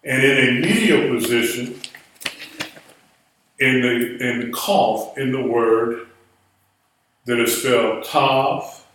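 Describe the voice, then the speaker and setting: A man's voice: mid-range voice, slow, pauses often, a bit bright. A man teaching a Hebrew class, patiently spelling words out letter by letter. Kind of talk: classroom lesson. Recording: echoey room from far off.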